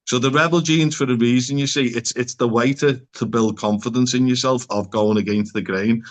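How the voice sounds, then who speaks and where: A man's voice: mid-range voice, steady tone, brisk. Rambling Scouse man, casual chat. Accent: Liverpool (Scouse). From Liverpool, England. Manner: rambling, peppers speech with "like" and swearing. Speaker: psychotherapist guest. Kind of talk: casual podcast conversation.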